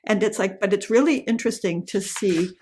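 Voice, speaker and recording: A woman's voice: medium pitch, fairly quick, background noise. A woman co-hosting a casual podcast, opinionated and rambling, with lots of restarts and "right?" tags. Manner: opinionated, rambling with many restarts and tag questions. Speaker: podcast co-host. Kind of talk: casual chat.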